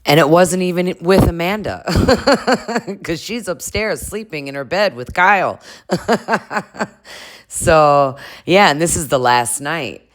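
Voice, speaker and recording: A woman's voice: low-pitched, takes it slowly. A woman casually recapping a reality show in a chatty, gossipy way, with laughing asides. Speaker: recap vlogger.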